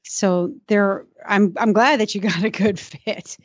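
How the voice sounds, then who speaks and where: A woman's voice: mid-range voice, fairly even intonation, measured pace, dry recording, highs cut off. A woman hosting a radio talk show, cheerful and teasing, often laughing between lines. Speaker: show host.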